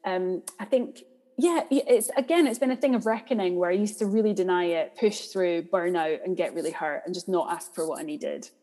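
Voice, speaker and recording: Woman, low mellow voice, candid and reflective, podcast guest, long reverb. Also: a little fast. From Scotland. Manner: candid, reflective, thinks aloud with ums. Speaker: guest, theatre director. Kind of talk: podcast interview.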